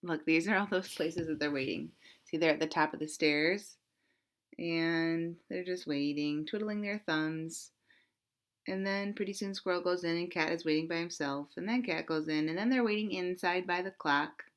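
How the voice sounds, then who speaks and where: A woman reading a picture book aloud to children, animated and interactive, asking questions about the pictures. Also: on the low side, moderate pace.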